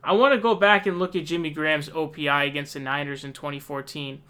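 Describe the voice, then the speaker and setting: A man's voice: fairly high pitch, fairly even intonation, quick pace, sharp tone, smooth. A young man ranting angrily about his team's losses in a casual, profane, exasperated way. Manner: frustrated, profane, exasperated outbursts. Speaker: sports fan ranting. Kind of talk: angry casual rant.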